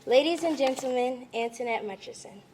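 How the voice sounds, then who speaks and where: A woman, the speaker's daughter, reading a prepared introduction of a publisher at a book launch in a measured, formal way. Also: high voice, very noisy. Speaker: event introducer. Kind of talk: read introduction.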